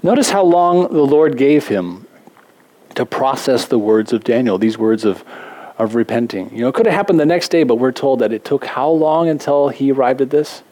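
Male pastor, relaxed conversational sermon delivery, wry self-mocking asides, mid pitch. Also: moderate pace. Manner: conversational, self-deprecating humor, animated asides.

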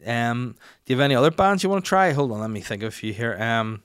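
A young man hosting a podcast, telling a rambling, self-mocking story and getting louder when he quotes himself. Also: mid-range voice, animated, quick pace, clean tone. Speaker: podcast host. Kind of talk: casual chat and anecdote.

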